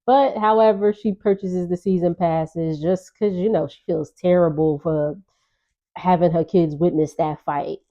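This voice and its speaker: A woman's voice: on the low side, steady tone, a little slow, dark tone, dull audio. A woman vlogger recapping a reality show in a chatty, gossipy way, with laughing asides. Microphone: on-camera.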